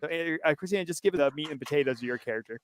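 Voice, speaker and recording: Chatty man hosting, smooth voice. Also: fairly high pitch, expressive, very fast. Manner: laughs often, chatty with restarts. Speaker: host. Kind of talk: casual video-call interview.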